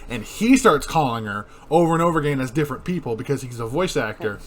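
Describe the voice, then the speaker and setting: A man's voice: mid-range voice, animated, fast talker, slight background noise. A young man co-hosting a casual movie review podcast, retelling scenes and quoting lines between laughs. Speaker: podcast co-host.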